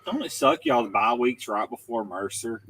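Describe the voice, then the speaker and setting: A man's voice: medium pitch, animated, moderate pace, a bit bright, distant mic. A man co-hosting a casual talk stream, dropping dry, teasing remarks. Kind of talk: casual chat.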